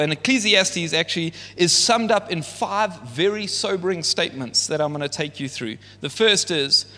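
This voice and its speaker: High bright-voiced man preaching in a hall. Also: lively intonation, normal speed. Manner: conversational, rises to emphatic peaks. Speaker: pastor. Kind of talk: sermon. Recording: long reverb of a large hall.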